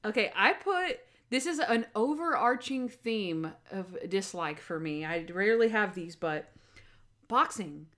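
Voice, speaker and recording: A woman's voice: medium pitch, measured pace. A woman co-hosting a casual podcast, reviewing a TV episode with lots of fillers and acted-out quotes. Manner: animated, acts out quotes, many fillers. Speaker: podcast co-host.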